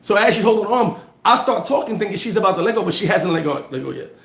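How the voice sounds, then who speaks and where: A slangy man with a high, creaky voice livestreams a casual motivational chat, talking fast. He tells animated stories in street slang and reads and answers viewer comments. The audio is reverberant.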